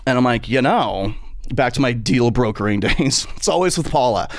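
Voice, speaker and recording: Man, middle-aged, comic podcast storyteller, animated, profane, mid pitch, dry close sound. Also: normal speed, dry recording. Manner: animated, acts out voices in quotes, profane. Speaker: podcast host.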